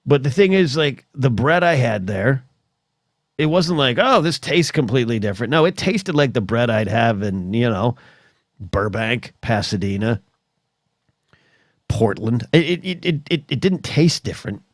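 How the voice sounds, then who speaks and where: An American man hosting a solo podcast, rambling in an animated comedic rant that is full of restarts, swearing and mock voices. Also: medium pitch, normal speed, no room sound, clean studio sound. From United States.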